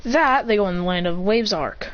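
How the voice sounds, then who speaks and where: A woman's voice: medium pitch, lively intonation, normal speed. A woman casually telling an anime fan story in a rambling, self-correcting way. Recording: muffled with faint hiss.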